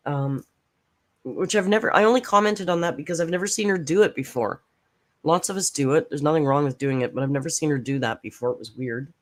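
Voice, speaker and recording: A woman's voice: low-pitched, brisk. A woman hosting a reaction channel, giving blunt, sarcastic casual commentary and swearing freely.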